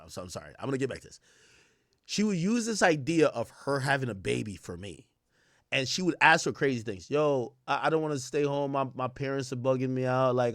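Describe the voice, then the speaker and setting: A man's voice: medium pitch, no room sound, studio quality. A young adult man telling a long personal story in casual, profane streamer talk, acting out the voices of people he quotes. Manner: animated, swears a lot, acts out quoted voices.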